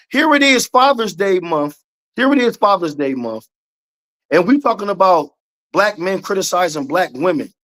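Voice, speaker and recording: A man's voice: high voice, fairly bright tone. A man co-hosting a casual podcast debate, talking emphatically and repeating his points with slang. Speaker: podcast co-host.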